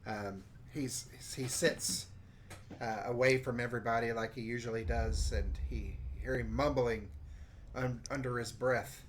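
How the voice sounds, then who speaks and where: Halting man at the game table. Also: medium pitch, fairly even intonation, a little hiss or hum. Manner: halting, with many fillers. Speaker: player.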